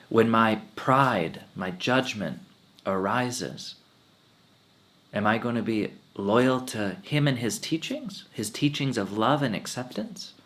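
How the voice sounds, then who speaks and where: Man, spiritual talk, slow and deliberate, gravelly low voice, earnest storytelling. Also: a bit bright. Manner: earnest storytelling, quotes his teacher in changed voices. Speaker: swami giving satsang. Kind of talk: spiritual talk with personal stories.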